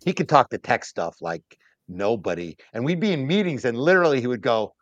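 A man speaking as a podcast guest on data strategy, emphatic and animated, acting out other people's lines as he goes. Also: medium pitch, fairly quick, dry recording, muffled recording. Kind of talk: casual podcast interview talk.

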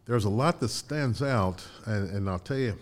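An older man from Indiana, a guest in a casual interview, tells animated anecdotes with restarts and laughs. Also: lowish voice, normal speed. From Indiana, USA.

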